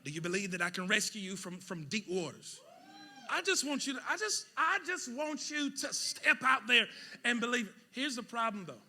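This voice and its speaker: Man, pastor, high voice, sermon, shouting then dropping low. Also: big pitch swings, normal speed. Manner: preaching with rising shouts and quiet asides. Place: church sanctuary with congregation.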